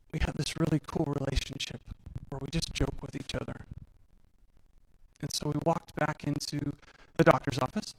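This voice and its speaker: A man's voice: a little high, poor audio. Candid man telling his story. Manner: candid, self-deprecating, acts out dialogue. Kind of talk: personal storytelling talk on stage.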